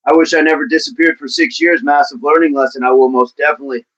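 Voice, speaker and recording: A man hosting a fitness livestream in a casual, upbeat way, chatting and giving playful shout-outs to viewers by name. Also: on the high side, fairly even intonation, fast, lo-fi sound. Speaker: livestream host of a fitness channel. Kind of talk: casual livestream chat, reading out viewer comments.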